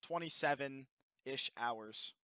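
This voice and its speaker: A man's voice: medium pitch, slow pace, sharp tone, smooth, no room sound, poor audio. A young man co-hosting a podcast, recounting events casually and laughing often at himself. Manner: laughs often, self-deprecating. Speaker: podcast co-host. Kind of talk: casual storytelling chat.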